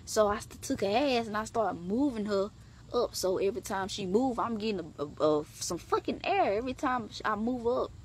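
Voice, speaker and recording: A young woman tells a story straight to camera in loose, casual vlog style. She swears freely and talks animatedly, her voice leaping high for emphasis. A faint hum of noise sits behind her. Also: moderate pace. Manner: animated, profane, with big pitch jumps. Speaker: vlogger.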